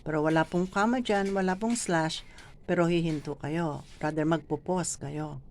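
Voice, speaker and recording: A woman with a Filipino accent, teaching how to read scripture aloud, mixing Tagalog and English and reading sample passages with deliberate pauses. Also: low voice, steady tone, a little mellow, slight background noise. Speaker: lector trainer. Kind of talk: instructional talk with reading demonstrations.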